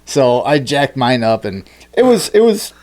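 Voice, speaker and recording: A man hosting a podcast, telling a story in a rambling, animated way, with many restarts and fillers. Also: medium pitch, unhurried. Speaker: podcast host. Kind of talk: casual chat.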